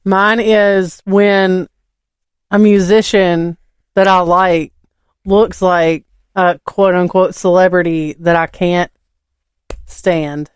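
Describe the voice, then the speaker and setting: A woman's voice: fairly low pitch, fairly even intonation, takes it slowly, smooth, dry recording, studio quality. A woman co-hosting a podcast, laid-back, mostly giving short agreeing replies in casual chat. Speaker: podcast co-host.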